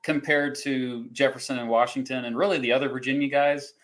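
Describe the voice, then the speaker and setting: A man's voice: medium pitch, steady tone, fairly quick, a bit bright, low-quality recording. Host, man, casual chat, rambling delivery with chuckles and fillers. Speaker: podcast host running a quiz.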